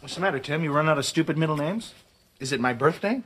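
An actor playing a dry, prickly male co-host in a sitcom, deadpan and sarcastic. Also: fairly high pitch, fast talker, breathy edge. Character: dry, prickly male co-host, touchy about his mother.

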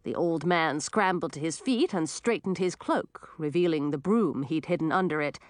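A woman reading a children's fantasy storybook aloud, with dramatic, expressive narration. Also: deep voice, normal speed, dry recording, clean studio sound.

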